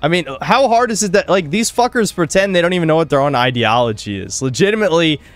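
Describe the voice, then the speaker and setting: A man's voice: fairly high pitch, expressive, fast, no room sound, soft background music. A man hosting a casual podcast, ranting crudely with heavy swearing. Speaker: podcast host. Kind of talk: casual gaming podcast chat.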